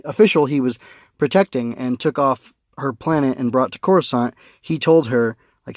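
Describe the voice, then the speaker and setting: A man's voice: mid-range voice, normal speed, dry recording, clean studio sound. A man giving a casual spoken review of a comic, rambling with many fillers and restarts, recorded on a phone.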